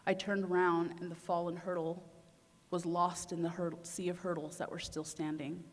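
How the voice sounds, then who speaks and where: Animated woman telling a story in a hall. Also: lowish voice, moderate pace. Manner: animated storyteller acting out her own inner voice. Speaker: conference speaker. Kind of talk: personal story told to an audience. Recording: long hall reverb.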